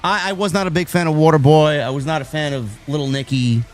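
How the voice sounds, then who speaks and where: This wrestling live stream host from New York talks fast in a fairly high voice with fairly even intonation, soft music in the background. He rambles casually with frequent restarts and reads viewers' messages aloud.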